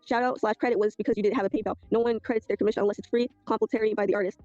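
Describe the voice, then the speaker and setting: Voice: medium pitch, fairly even intonation, rapid-fire, hardly any pauses, darkish tone, no echo, muffled recording, faint music behind. A video creator rambling through a dispute, reading old messages aloud. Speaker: video creator telling a story. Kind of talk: casual storytelling recap.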